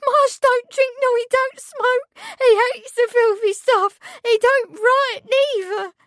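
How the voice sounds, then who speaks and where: A woman's voice: very high-pitched, steady tone, slow pace, a bit bright, no echo, studio quality, voice pushed up, heavily acted. A woman voicing a young maid who is wailing with grief and fear in rural dialect speech. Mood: hysterical.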